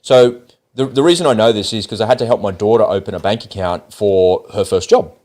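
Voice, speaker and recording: A man's voice: fairly low pitch, a little fast. A middle-aged Australian man in a casual podcast chat, telling stories and acting out the people in them. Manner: animated storyteller who acts out quoted people.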